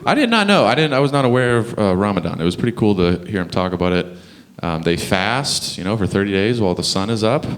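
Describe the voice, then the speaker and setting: A young man from Canada performs stand-up in a club, his low voice swinging widely as he chats to the crowd. He chuckles through his own punchlines and keeps the talk loose and animated. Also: fast talker, hardly any pauses. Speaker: stand-up comedian. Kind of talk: stand-up comedy set. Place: comedy club stage.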